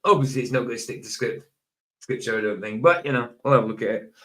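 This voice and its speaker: A man hosting a casual livestream chat, talking in a halting way with many pauses, fillers and self-corrections. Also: mid-range voice, bright, forceful tone. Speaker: livestream host.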